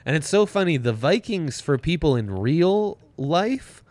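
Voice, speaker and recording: A man's voice: fairly high pitch, very animated, measured pace, darkish tone, dry recording. Joking young man, dry close sound. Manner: jokey banter, playful. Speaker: sports betting podcast co-host. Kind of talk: casual sports betting chat.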